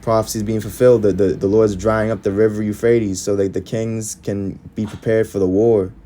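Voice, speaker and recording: Low-voiced man preaching from scripture. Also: level tone, moderate pace, dark tone. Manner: reads verses aloud then comments in short emphatic phrases. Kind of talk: scripture-reading sermon.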